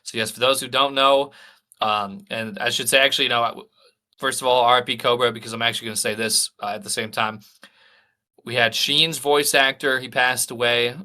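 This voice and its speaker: A man with a bright, sharp voice, just getting over a cold, co-hosts a casual podcast conversation. He speaks haltingly, stopping and restarting his sentences and padding them with fillers. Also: medium pitch. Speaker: podcast co-host. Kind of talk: casual chat.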